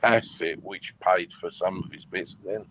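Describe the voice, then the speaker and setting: A man chatting in an online group call, easygoing and a little hesitant. His voice is very low, with a faint hiss of background noise behind it. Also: fairly even intonation, moderate pace, fairly bright tone. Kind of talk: casual group chat online.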